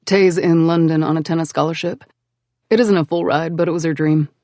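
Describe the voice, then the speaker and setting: A woman's voice: low voice, steady tone, a little fast, dark tone, no echo, lightly acted. A woman doing a dry, reserved young man.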